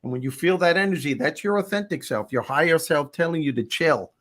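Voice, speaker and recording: Animated older man telling stories. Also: on the high side, a little fast. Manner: animated storyteller, acts out characters. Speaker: host. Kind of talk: casual talk show chat.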